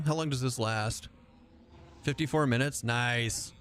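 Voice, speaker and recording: A man's voice: mid-range voice, unhurried, long pauses, fairly bright tone, faint music behind. A man streaming an online game, talking casually in a joking, rambling way with frequent swearing and asides to chat. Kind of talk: casual livestream chat while gaming.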